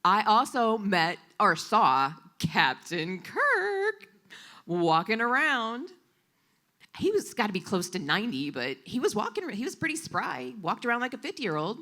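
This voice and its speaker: A woman gives spoken voice to a storyteller at a live coffee shop event. Her pitch leaps and swoops freely as she retells it with animated expression, at a middling pitch for a woman. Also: measured pace. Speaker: sign language interpreter voicing a storyteller.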